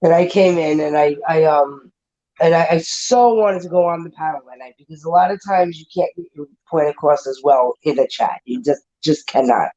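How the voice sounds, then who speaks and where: A woman's voice: low voice, normal speed, dark tone, dull audio. Blunt, swearing woman on a livestream. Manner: blunt, emotional, swears freely. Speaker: livestream panel host. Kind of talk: casual livestream chat.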